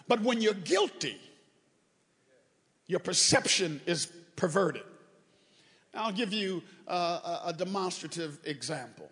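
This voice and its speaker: Male preacher, high and animated, joking asides into shouted fervor, reverberant church. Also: measured pace, long pauses. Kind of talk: sermon. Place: church sanctuary.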